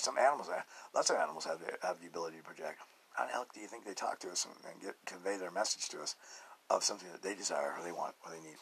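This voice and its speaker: A man hosting a casual spiritual podcast monologue, rambling and chuckling often, dropping to hushed murmurs and then jumping to loud bursts. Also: low voice, creaky, slightly rough, poor audio. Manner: chuckles often between thoughts. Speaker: podcast host.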